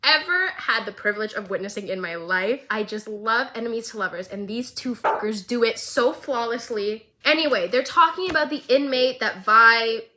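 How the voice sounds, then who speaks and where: A woman vlogger giving a comedic, gushing recap of a show, excitable and jokey. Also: fairly high pitch, normal speed, few pauses.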